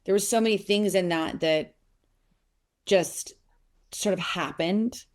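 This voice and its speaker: A woman's voice: medium pitch, slow. A woman in her forties, an actress telling stories in an interview, rambling and correcting herself as she goes. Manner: rambling, self-interrupting, animated storytelling. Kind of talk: casual interview talk.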